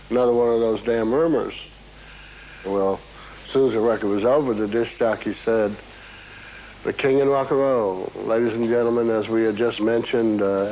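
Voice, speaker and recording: A man's voice: mid-range voice, darkish tone, slight background noise, poor audio. A man in an interview recounting a personal memory in a vivid, casual way, with some restarts.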